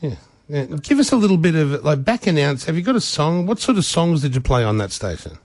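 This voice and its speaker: Brash Australian male radio host, crude and teasing, animated delivery. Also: on the high side, fairly quick, dry recording.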